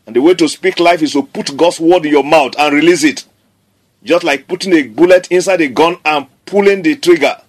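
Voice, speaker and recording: A man's voice: a little high, brisk. A man preaching a sermon, declaring scripture emphatically and repeating key phrases.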